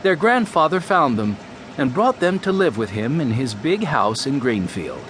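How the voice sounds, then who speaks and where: A man narrating a children's mystery audiobook in a clear, storytelling voice. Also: medium pitch, very animated, normal speed, fairly bright tone, slight background noise.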